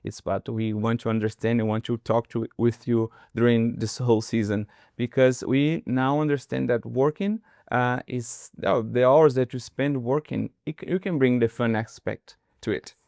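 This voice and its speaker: Brazilian man, smooth dry voice. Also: mid-range voice, fairly even intonation, normal speed, few pauses, darkish tone, dry recording. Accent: Brazilian Portuguese. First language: Portuguese. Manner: earnest, searching for words, frequent restarts. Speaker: podcast co-host. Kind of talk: casual conversation.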